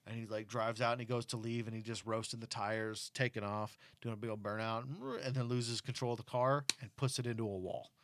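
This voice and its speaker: Animated middle-aged man telling stories. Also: lowish voice, brisk, hardly any pauses, slight background noise. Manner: animated storyteller who acts out quotes; earnest and cautionary when talking about safety. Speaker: parent talking with his kid. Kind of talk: casual chat.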